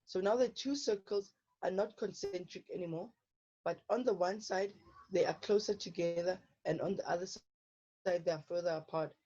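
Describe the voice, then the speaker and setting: A woman's voice: lowish voice, moderate pace, warm tone. A woman teaching a physical science lesson, often checking in with her students by asking "okay?". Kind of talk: online lesson explaining problems. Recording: dull lo-fi online lesson audio.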